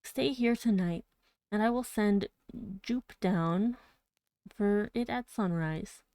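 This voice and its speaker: An excitable gentleman collector, keen and chatty, voiced by a woman reading a storybook aloud. The voice is mellow and soft, and it sits dry and close to the mic. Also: mid-range voice, takes it slowly, clear, resonant tone, dry recording. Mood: excited. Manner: enthusiastic, talkative. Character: eager, excitable gentleman collector, adult man.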